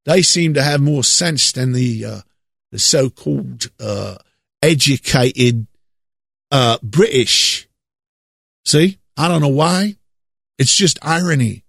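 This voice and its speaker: A man from the United States preaching a monologue, leaning hard on drawn-out stresses and repeating words for effect. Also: mid-range voice, vocal fry, a bit bright, slightly rough, dry recording, studio quality.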